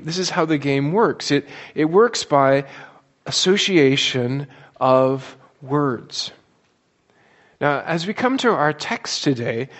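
A man preaching a sermon in a church, talking conversationally and slowing down and softening on key words. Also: on the high side. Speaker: pastor. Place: church sanctuary.

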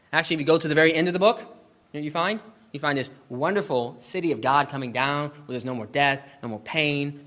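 Bright-voiced emphatic preacher. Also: male voice, mid-range voice. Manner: emphatic preaching, reading scripture aloud with rising intensity. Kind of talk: sermon.

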